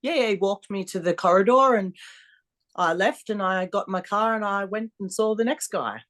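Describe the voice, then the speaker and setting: Speaking at normal speed and medium pitch, a woman who competes as a strongwoman is a guest on a podcast. Her stories in this casual interview are blunt, animated and laced with swearing.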